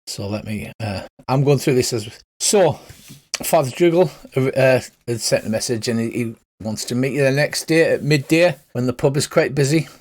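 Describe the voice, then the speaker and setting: A man narrating a tabletop game as game master, relaxed and teasing. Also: medium pitch, moderate pace.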